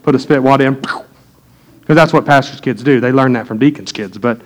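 A middle-aged pastor preaches a sermon, telling homely family stories and talking straight to the pews. His voice sits at an ordinary mid pitch for a man. He moves from folksy asides to earnest preaching. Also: moderate pace, a little hiss or hum. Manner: folksy storytelling, preaching to a congregation.

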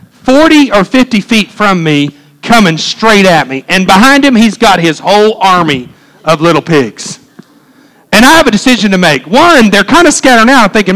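A man delivers a sermon built around a personal story. His voice sits high for a man, and he talks in an animated, emphatic way that swells on the dramatic beats. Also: low-quality recording. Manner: animated, emphatic, exclaims sound effects. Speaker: pastor.

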